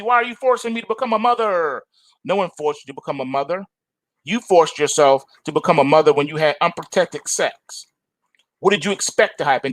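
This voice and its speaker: A man's voice: on the high side, no echo, rough recording. Ranting man with a dry close sound. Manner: forceful, repetitive ranting. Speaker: trading show host. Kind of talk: opinionated monologue.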